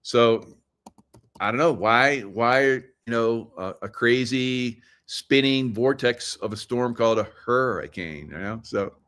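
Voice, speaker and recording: A man's voice: mid-range voice, slow pace, a bit bright, smooth. A middle-aged man with a mid-range voice hosts a loose livestream monologue. He leans conspiratorial and keeps firing questions at his audience, and he chuckles at his own asides as he goes. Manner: conspiratorial, joking asides, laughs at own lines; talks straight to viewers, asks them questions. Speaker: show host.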